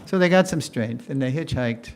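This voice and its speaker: A gravelly older man tells a story to a class. He talks in an animated way, acts out what people said, and laughs as he goes. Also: mid-range voice, moderate pace, a little hiss or hum. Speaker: lecturer. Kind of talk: storytelling lecture.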